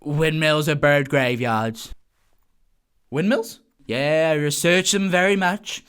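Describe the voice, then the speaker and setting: A man doing a rough impression of a boastful, dismissive male politician. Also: fairly high pitch, slow, a bit bright.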